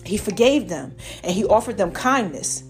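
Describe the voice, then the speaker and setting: A woman's voice: medium pitch, sing-song, normal speed, faint music behind. A woman, telling a Bible story in a casual sermon style and often asking "right?". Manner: chatty, keeps asking "right?". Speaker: podcast host.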